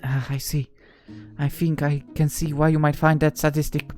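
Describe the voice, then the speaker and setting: Woman as a dry, deadpan young best friend; low, unimpressed, visual novel read-aloud. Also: moderate pace, loud music behind the voice, close to an everyday voice. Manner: deadpan, flat.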